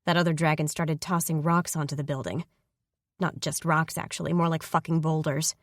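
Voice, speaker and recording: A woman's voice: low voice, fairly even intonation, moderate pace, no room sound, clean studio sound, lightly acted. A woman voicing a brusque, impatient older sister. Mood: annoyed. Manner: brusque and irritated. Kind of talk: audiobook character voice.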